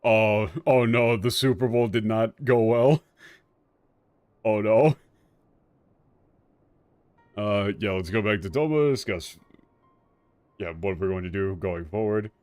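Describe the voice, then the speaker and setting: A man streaming a game, talking casually and ranting in an animated way with frequent restarts. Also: lowish voice, slow, pauses often, no room sound, faint music behind. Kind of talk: casual commentary while playing.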